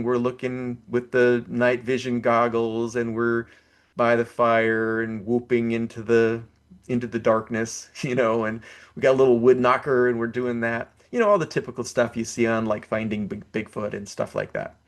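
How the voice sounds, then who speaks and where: A man of around sixty, a podcast guest, casually telling a story with frequent laughs, restarts and 'you know' fillers, acting out quoted lines. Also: mid-range voice. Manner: animated, laughs often, acts out quoted lines.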